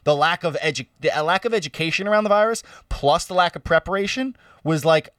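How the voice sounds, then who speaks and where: A young man in casual chat, talking in halting bursts with restarts. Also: on the high side, a bit bright, clean tone, no echo, studio quality, distant mic. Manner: talks in halting bursts, backchannels often.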